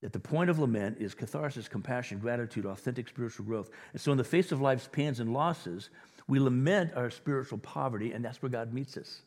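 A male pastor gives a conversational sermon, slipping into the voices of imagined people to make his point. His voice is husky and sits in a middle register. A long hall reverb trails after his words. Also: mid-range voice, brisk, a little mellow.

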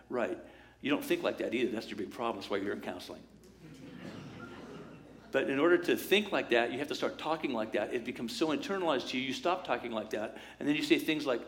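A man preaching a sermon as pastor, in a lively conversational way, acting out quoted voices and asides. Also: medium pitch, fast.

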